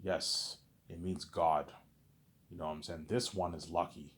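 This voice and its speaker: A man's voice: deep voice, steady tone, a little slow. A man telling a story in a casual, rambling way, full of repeated filler phrases. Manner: rambling, repeats "you know what I'm saying".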